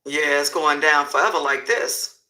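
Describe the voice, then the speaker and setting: Casting: man playing a flashy male crime boss, cool and assured, bright-edged voice. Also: a little high, steady tone, moderate pace, poor audio. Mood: confident.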